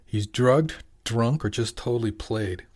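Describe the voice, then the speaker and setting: A man's voice: medium pitch, unhurried, darkish tone, natural voice. A man voicing a wry young woman deckhand.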